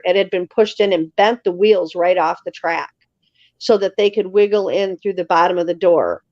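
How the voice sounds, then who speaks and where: A woman telling stories as an interview guest in a casual, lively way, acting out other people's lines. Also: mid-range voice, dry recording. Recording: slightly dull lo-fi sound.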